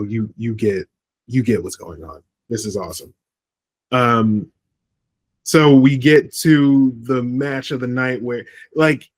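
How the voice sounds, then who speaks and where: A medium-pitched man co-hosts a podcast, casually reviewing wrestling without echo. He tends to ramble, stopping on ums and restarting often.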